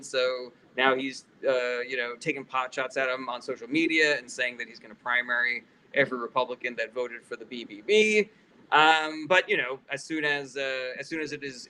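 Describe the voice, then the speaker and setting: A man's voice: mid-range voice, pushed and bright, slight background noise, poor audio. A man hosting a casual political livestream Q&A, reading out viewer questions and answering bluntly with plenty of profanity.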